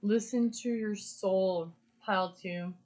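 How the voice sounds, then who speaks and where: A woman's voice: medium pitch, fairly even intonation, slow pace, a little mellow. A woman giving an earnest, emphatic pick-a-card reading, repeating phrases for stress. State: emotional. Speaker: tarot card reader.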